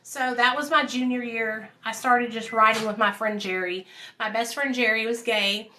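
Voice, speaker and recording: A woman's voice: a little high, steady tone, normal speed, sharp tone, a little hiss or hum. A woman, casually telling her life story to viewers at home, calling them y'all. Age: 30s. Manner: chatty, addresses viewers as y'all and you guys.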